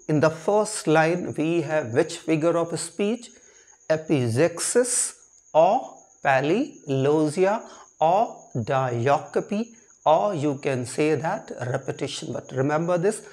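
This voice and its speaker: A male literature teacher lecturing on a poem at an unhurried pace. He circles back over his phrases, restarting lines and spelling out technical terms letter by letter, in a slightly raised voice. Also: a little high.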